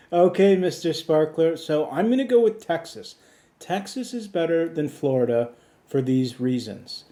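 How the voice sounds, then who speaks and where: A man's voice: fairly high pitch, animated, measured pace, dark tone. A man hosting a comedy podcast, chatting with a voice assistant in a dry, insistent, lecturing way. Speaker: podcast host.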